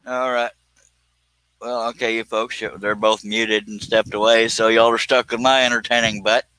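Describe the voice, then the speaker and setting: A man's voice: medium pitch, little pitch movement, moderate pace, sharp tone, clean tone, no room sound, rough recording. A middle-aged man hosting a livestream, chatting casually and laughing often. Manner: laughs often, rereads a chat message in a mock-threatening voice. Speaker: livestream host. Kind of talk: casual chat.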